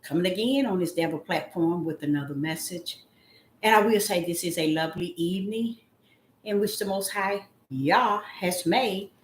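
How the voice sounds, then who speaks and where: A woman calling herself a prophetess, giving a slow spoken devotional message. She draws her words out and breaks into loud cries of apology. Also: on the low side, roomy sound, slight background noise. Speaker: self-styled prophetess.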